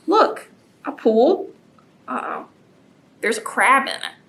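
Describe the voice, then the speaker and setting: A woman leading a children's storytime as librarian, animated and gasping with exaggerated delight for the kids. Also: on the high side.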